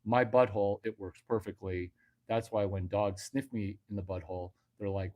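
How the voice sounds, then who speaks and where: A man's voice: lowish voice, fairly even intonation, normal speed, lo-fi sound. A man hosting a livestream, telling a crude, boastful, rambling comic story.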